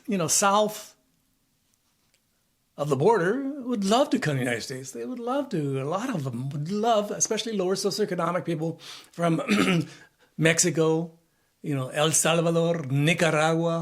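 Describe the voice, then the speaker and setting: A man in his seventies giving a rambling, repetitive opinion monologue, listing things and asking himself questions. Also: a little high. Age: 70s. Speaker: vlogger. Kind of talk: casual spoken opinion monologue.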